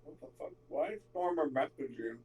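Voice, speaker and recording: A man's voice: a little high, animated, brisk, warm tone. A young man chatting casually before a tabletop game, laid-back, cursing freely and telling short stories about his life. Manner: laid-back, swearing, storytelling. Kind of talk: casual chat among friends. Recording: distant mic.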